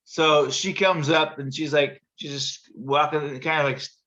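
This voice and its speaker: Telling a long, meandering story in casual conversation, this show host speaks with a bright, forceful voice, a steady tone and a measured pace. Sudden leaps into a high register mark the characters he acts out. The sound is a bit dull and muffled, as though over a video call.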